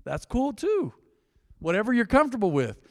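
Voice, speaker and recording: Guy preaching a sermon, kinda high voice, chatty and jokey, big hall echo behind him. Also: wildly swooping pitch, normal speed, clean studio sound. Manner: conversational, joking, dynamic swings in pitch and loudness. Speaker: pastor.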